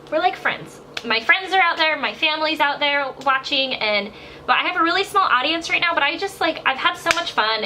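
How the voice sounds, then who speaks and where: In a home bathroom with a bathroom fan hissing faintly, a young woman who makes beauty videos narrates a makeup tutorial in a high-pitched, pushed, bright voice. She's chatty and effusive, rambling along with frequent "like"s.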